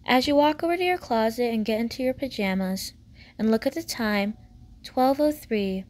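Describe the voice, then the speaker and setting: Woman, fanfic narrator, gentle even reading, somewhat high voice. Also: normal speed. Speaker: fanfic reader. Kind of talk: story narration.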